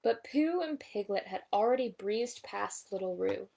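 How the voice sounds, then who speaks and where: Gravelly woman reading a bedtime story. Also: mid-range voice, animated, moderate pace, mellow, a little hiss or hum. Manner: reads with asides pointing at pictures. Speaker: storybook reader. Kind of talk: bedtime story read-aloud.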